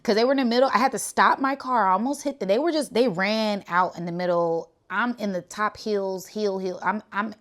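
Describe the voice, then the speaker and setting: A woman from the Bay Area who tells a spiritual story in a casual, animated way and keeps checking in with "right?". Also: mid-range voice, fairly quick, few pauses. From Bay Area, California. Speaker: spiritual channel host.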